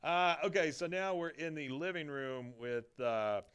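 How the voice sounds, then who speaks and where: A man's voice: a little high, expressive, measured pace, fairly bright tone, clean tone, no echo, highs cut off. A man hosting a podcast, casually retelling scenes and quoting characters in shifting voices. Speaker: podcast host recapping an episode. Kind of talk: casual chat.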